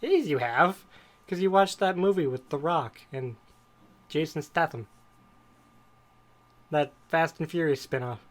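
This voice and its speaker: On a podcast he co-hosts, a man with a higher-leaning, animated voice talks at a measured pace and pauses often. The conversation is casual, with his storytelling rambling and digressing across topics.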